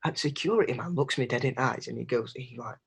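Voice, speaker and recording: A young man telling a holiday story in casual podcast chat, animated and sweary. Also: mid-range voice, quick pace, creaky, slightly rough. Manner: animated, swearing, acts out voices in anecdotes. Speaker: podcast co-host.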